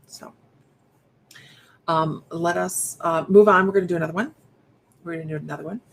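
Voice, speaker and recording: A woman giving a live-streamed psychic reading, speaking softly and haltingly with many restarts, straight to her viewers. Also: fairly low pitch, steady tone, creaky. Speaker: psychic medium.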